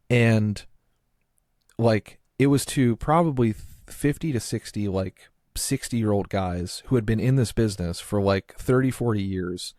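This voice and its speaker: A podcast host chats casually, rambling and trailing off into restarts while leaning heavily on the filler "like." His voice is lowish and darkish, at a normal speed, recorded in studio quality with no room sound.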